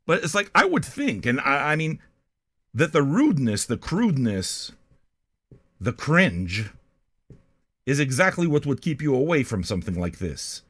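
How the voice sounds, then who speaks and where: Older canadian guy rambling and swearing, bright voice that jumps all over. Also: medium pitch, big pitch swings, a little slow, pauses often, breathy edge. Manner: blunt, profane, rambling. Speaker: music reaction show host. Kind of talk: casual rambling monologue.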